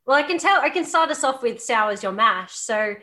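A woman's voice: a little high, lively intonation, normal speed, bright, forceful tone. A woman from Australia, a distillery guest on a podcast, friendly and chatty. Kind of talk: casual chat.

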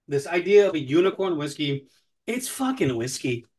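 A man's voice: fairly high pitch, big pitch swings, normal speed, a little mellow. A man co-hosting a casual podcast, talking whiskey in a sarcastic, profane and mock-threatening way. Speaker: podcast co-host, whiskey commentator.

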